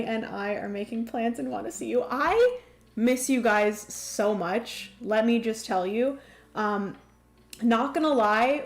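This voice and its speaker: A young woman hosting a livestream, chatting casually with viewers in a bubbly, excitable way and laughing often. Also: fairly high pitch. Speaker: livestream host. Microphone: desk microphone.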